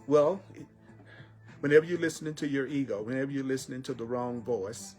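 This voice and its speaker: A man teaching spiritual lessons in an emphatic style, repeating phrases and slowing down on key words. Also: mid-range voice, a little mellow, faint music behind. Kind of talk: repetitive inspirational teaching.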